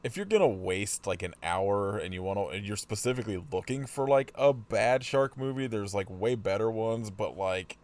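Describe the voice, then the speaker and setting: A man's voice: lowish voice, lively intonation, normal speed, few pauses, darkish tone. A man hosting a podcast in casual chat, rambling with many fillers. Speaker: podcast host.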